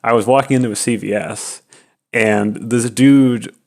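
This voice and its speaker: A man's voice: mid-range voice, fairly even intonation, a little slow, creaky. A man streaming a game, telling a rambling casual story full of "like" and "you know" and breaking into nervous laughter.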